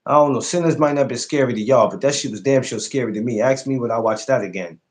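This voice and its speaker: A man in the middle of his register hosts a live podcast stream in loose, casual chat. He talks animatedly, swears freely, and his voice jumps up high when he mocks something. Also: fast.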